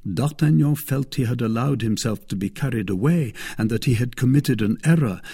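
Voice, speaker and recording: A man narrating a classic novel in a measured, expressive reading. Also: mid-range voice, husky. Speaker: audiobook reader. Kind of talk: scripted narration.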